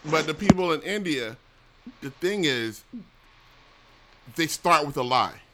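Middle-aged male host, casual rant, blunt and profane, bright forceful tone. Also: a little high, animated, a little slow. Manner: blunt, complaining, profane, with restarts. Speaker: show host. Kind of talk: casual rambling chat.

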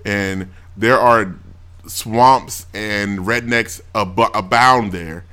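Podcast host, male, bright and forceful, animated storyteller. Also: fairly low pitch, drawn-out words, clean tone. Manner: animated storyteller, swears, mimics people in quotes. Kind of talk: casual chat.

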